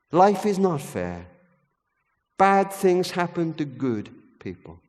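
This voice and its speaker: A man preaching at a church service, an expressive storyteller with a high voice that leaps lively up and down. His voice rings with the long reverb of a large ballroom. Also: slow. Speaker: guest preacher. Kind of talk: sermon with storytelling.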